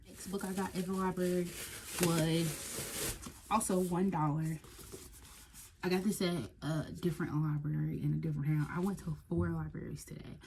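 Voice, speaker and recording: A woman chatting casually and excitedly about books she bought, sometimes reading blurbs aloud. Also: on the low side, a little hiss or hum. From United States. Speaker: book vlogger. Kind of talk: casual book haul chat.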